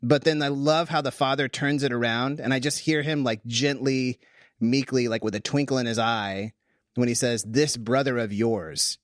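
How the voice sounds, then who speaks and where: A man hosting a casual discussion podcast. He talks in an animated way, restarting sentences as he thinks aloud. The voice sits at a middle pitch on a dry, close recording. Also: normal speed, no echo. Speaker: podcast host.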